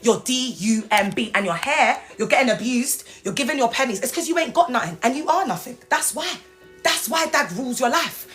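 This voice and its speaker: A woman's voice: high voice, lively intonation, brisk, fairly bright tone, soft background music. A young woman hosting an unscripted livestream, mocking and taunting viewers and swinging between mock-proper speech and street slang. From United Kingdom. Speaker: livestream host. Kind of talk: unscripted live commentary.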